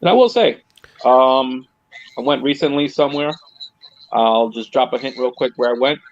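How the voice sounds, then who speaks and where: A man whose first language is Spanish talks in an animated, casual way, cursing now and then. His voice sits in a middle register. The recording is dull and lo-fi. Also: mid-range voice, moderate pace. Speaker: podcast host. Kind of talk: casual chat. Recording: dull lo-fi sound.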